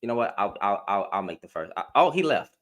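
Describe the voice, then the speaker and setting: A man hosting a livestream, talking in a confrontational, animated way. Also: lowish voice, fast. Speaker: livestream host. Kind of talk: heated livestream talk.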